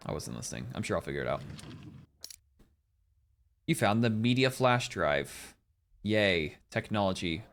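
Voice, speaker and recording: A man's voice: lowish voice, measured pace, pauses often. A man live-streaming a game, chatting animatedly with his viewers and laughing often. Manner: animated and laughing, talks to chat. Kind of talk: live-streamed gameplay chat.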